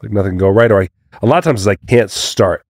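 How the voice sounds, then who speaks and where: A man co-hosting a podcast in easygoing casual chat, quick to react and laugh. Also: lowish voice, darkish tone, no room sound, studio quality. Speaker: podcast co-host.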